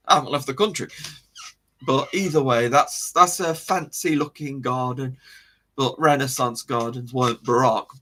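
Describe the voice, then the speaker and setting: A man's voice: a little high, a bit bright. A man hosting a casual live stream, rambling about history, correcting himself and chuckling as he greets viewers.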